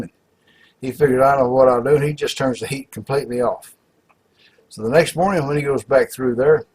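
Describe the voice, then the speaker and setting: A man's voice: medium pitch, darkish tone, a little hiss or hum, rough recording. A man telling a long joke in a folksy, rambling way, with lots of filler words. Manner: folksy, rambling, full of "you know" and "uh". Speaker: joke teller.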